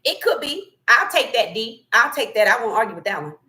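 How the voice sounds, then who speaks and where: Female streamer-host, bright tone, casual and animated, reads chat and riffs. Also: fairly high pitch, fairly quick. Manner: animated, opinionated, laughs often. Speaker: sports talk livestream host. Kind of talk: casual livestream commentary reading chat.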